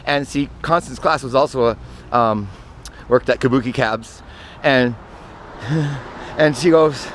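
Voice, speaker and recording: A man's voice: mid-range voice, slow, fairly bright tone. Rambling man over traffic noise. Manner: meandering, self-correcting, trails off into asides. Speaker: vlogger telling personal stories. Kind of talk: casual rambling monologue.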